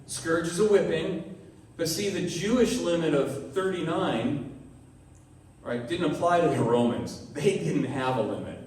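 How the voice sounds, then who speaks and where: A pastor preaches in a church hall with a slightly high, unhurried voice and a darkish tone. He talks conversationally and acts out the voices of the people in his story, heard from a distance in an echoey room.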